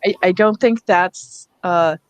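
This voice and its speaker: A woman's voice: on the low side, slow pace, smooth, no echo, rough recording. A woman presenting a hands-on reading workshop to teachers in a school room, explaining patiently and checking in with the group as she goes.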